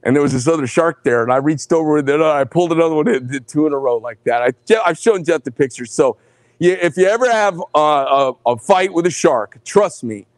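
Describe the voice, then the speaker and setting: A middle-aged man hosting a live knife sales show, telling rambling, animated stories between showing each knife. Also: on the high side, fairly quick, no room sound. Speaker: host presenting knives.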